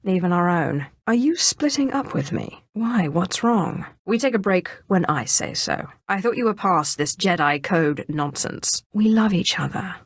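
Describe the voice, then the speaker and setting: A commanding Sith sorceress. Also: female voice, fairly low pitch, expressive, measured pace, hardly any pauses, husky, dry recording, clean studio sound, heavily acted. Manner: assured, imperious, with softer intimate asides. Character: proud female Sith sorcerer, cool and commanding. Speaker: game player character. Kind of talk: video game voice acting.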